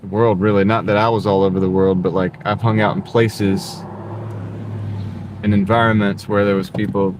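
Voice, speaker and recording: Casual streamer, male, mild Carolina Southern accent, slightly low pitch, recorded in a moving car with clear road hum. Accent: mild Southern, North Carolina. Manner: easygoing, chatting with viewers while driving. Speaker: gig delivery driver streaming live. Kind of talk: casual live-stream chat. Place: inside a car. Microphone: wireless mini mic with phone. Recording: steady car and road noise.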